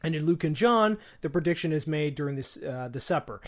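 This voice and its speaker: A man's voice: a little high, expressive, a little fast. A young man co-hosting a casual podcast, reading from his notes with frequent fillers and restarts. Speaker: podcast co-host.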